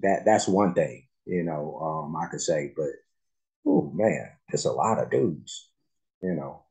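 A man hosting a music reaction video, talking softly and haltingly as he thinks aloud. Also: extremely low pitch, lively intonation, gravelly, poor audio. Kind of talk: casual reaction commentary.

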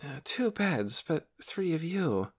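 A man's voice: fairly high pitch, very animated, slow, voice pushed up, full character voice. A man voicing a flustered, absent-minded woman doctor in an audiobook, hesitant and trailing off. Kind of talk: audiobook character voice.

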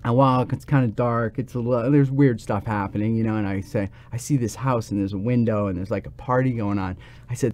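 A man, a podcast guest, telling a personal story in lively fashion and acting out the voices he quotes. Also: medium pitch, brisk.

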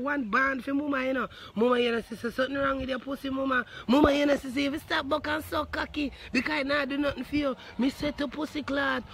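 A man with a Jamaican accent telling a profane comic story as an animated, swearing rant. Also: very high-pitched, gravelly, a little hiss or hum. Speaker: comedic storyteller.

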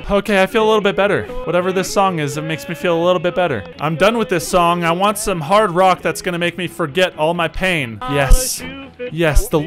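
A man doing let's play commentary, exaggerated and sarcastic, breaking into loud yells. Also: high voice, fairly quick, over music. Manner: exaggerated, sarcastic, bursts into yelling. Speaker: gaming YouTuber.

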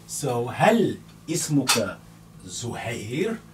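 A man teaching a beginner's language lesson, repeating words slowly and carefully. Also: medium pitch, sing-song. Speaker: Arabic teacher. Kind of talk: slow, patient language lesson. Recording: distant mic with faint hum.

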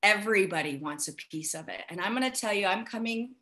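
An American businesswoman giving an emphatic motivational sales pitch over a video call, urging listeners and acting out their doubts. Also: animated, brisk, sharp tone. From United States. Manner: emphatic, urging, with acted-out asides. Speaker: guest speaker.

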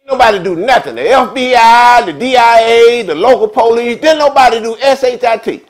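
A man's voice: extremely high pitch, moderate pace, poor audio. A man who hosts a vlog, telling stories in chatty, streetwise commentary. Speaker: vlog host. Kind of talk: casual storytelling commentary.

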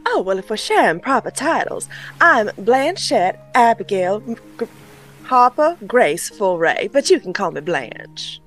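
A woman's voice: mid-range voice, big pitch swings, unhurried, fairly bright tone. A woman voicing a sweet-talking, blunt female ship captain.

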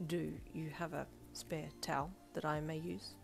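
A woman's voice: deep voice, fairly even intonation, normal speed, faint music behind. A woman voicing a polite, earnest teenage boy who speaks in stiff, formal phrases in a fan fiction audiobook.

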